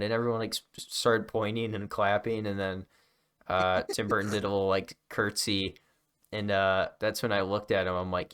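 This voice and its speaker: A man from Michigan hosting a casual comedy podcast, telling rambling tall tales with a deadpan delivery. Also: on the low side, moderate pace, smooth. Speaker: podcast host.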